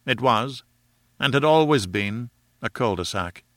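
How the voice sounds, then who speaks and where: A man narrating an adventure novel in a measured storytelling manner. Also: medium pitch, expressive, fairly bright tone, no room sound, studio quality. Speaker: audiobook reader. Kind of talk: scripted narration.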